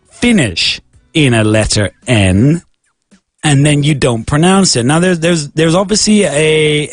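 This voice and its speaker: A man's voice: medium pitch, no room sound. A man teaching English pronunciation on a radio show, patiently spelling out words letter by letter. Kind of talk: radio language lesson.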